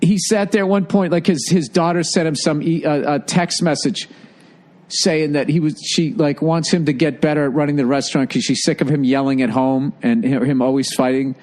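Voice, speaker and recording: A man chatting casually, telling a story in an animated, profane way and acting out the people in it. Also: a little high, fairly quick. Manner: animated, profane, acts out quotes with shouts.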